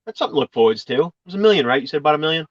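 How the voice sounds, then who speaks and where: A man's voice: on the high side, animated, racing, no echo. A man joking and rambling through a casual online chat. His voice swings up and down a lot. The recording is dry and a little dull, like lo-fi call audio. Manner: jokey, rambling with restarts. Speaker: guest YouTuber.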